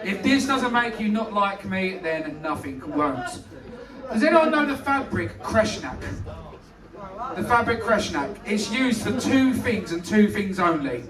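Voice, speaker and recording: A British compere with a high voice tells crude jokes and bickers brashly with the audience from the stage. The sound is distant and echoey, with the crowd clearly laughing. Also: male voice, very animated, unhurried. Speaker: comedy night host. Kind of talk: live stand-up, compering. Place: comedy club stage. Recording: echoey club heard from afar.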